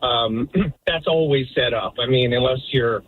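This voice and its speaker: A man phones in to a radio talk show and offers a helpful tip with a few hesitations. His voice is slightly husky and comes through a thin, tinny phone line. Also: mid-range voice, unhurried, dry recording. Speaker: caller. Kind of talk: casual phone call.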